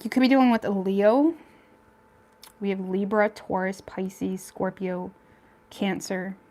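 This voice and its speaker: A woman's voice: medium pitch, steady tone, unhurried, darkish tone. A woman talks through a tarot spread in a loose, chatty way. She is frank and thinks aloud, with plenty of fillers and small restarts as she reads each card. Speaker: tarot reader. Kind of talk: casual tarot reading.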